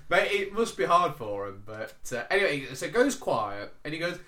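A man hosting a podcast, telling a story in a crude, animated, casual way. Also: on the high side, moderate pace. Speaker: podcast host. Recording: echoey room.

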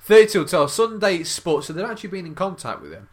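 A young man rambles through crude comedic banter, often laughing and restarting his thoughts. His voice sits somewhat high and swings widely in pitch as he talks. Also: big pitch swings, quick pace, few pauses. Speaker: podcast co-host.

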